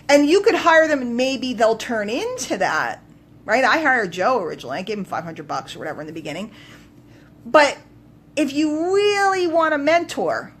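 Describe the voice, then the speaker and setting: A woman coach telling a story on a live stream, emphatic and animated, swinging between loud bursts and quiet asides. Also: a little high, breathy edge. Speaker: business coach.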